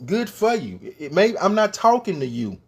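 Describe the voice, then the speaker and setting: A man's voice: sits high, sing-song, normal speed, slightly rough. A man delivering an opinion rant straight to his viewers, emphatic and firing off repeated rhetorical questions. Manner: addresses the viewers directly. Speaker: commentator.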